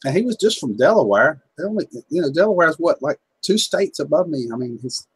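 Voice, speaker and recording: Husky Kentucky man telling folksy stories. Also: a little high, very animated, fairly quick, dry recording, poor audio. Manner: folksy storyteller, chuckling often. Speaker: livestream host. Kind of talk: casual chat.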